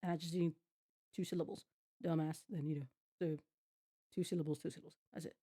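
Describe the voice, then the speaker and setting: A woman's voice: low voice, a little fast, breathy edge. A woman streamer reacting to a TV show, ranting and swearing at the screen in casual chat. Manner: animated, swearing, rants at the screen. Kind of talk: casual profane reaction rant. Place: home at night.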